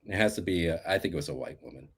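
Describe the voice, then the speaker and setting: A man's voice: deep voice, expressive, very fast, husky. A man as a guest on a casual live-stream talk, telling a story with emphatic bursts and laughter.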